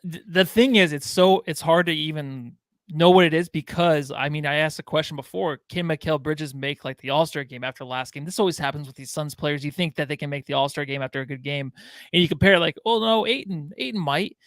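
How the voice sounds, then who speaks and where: A man's voice: on the high side, fairly even intonation, brisk, fairly bright tone, no echo. A man co-hosting a casual sports podcast, talking loosely and rambling, with swearing and lots of "like". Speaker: podcast co-host.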